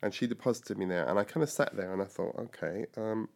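An Englishman in his sixties recounts his life story in a lively, conversational way, mimicking the voices of people he remembers. His voice is fairly low and gravelly, and he talks fast.

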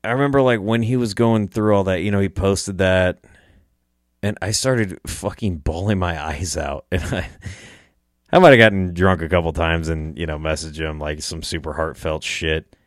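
Choking up and near tears, a young man known for hunting recounts an emotional story about a friend, cursing and laughing through the tears. He speaks at a moderate pace in a low voice. The recording is dry, with studio quality.

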